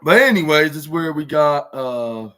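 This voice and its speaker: A man with a slightly higher voice talks through wrestling action in a loose, rambling way. He stumbles and restarts often, filling gaps as he goes. It sounds like a casual podcast recap. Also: expressive, sharp tone. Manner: rambling, halting, many restarts and fillers; acts out wrestlers' lines in raised voice. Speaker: podcast host reviewing wrestling.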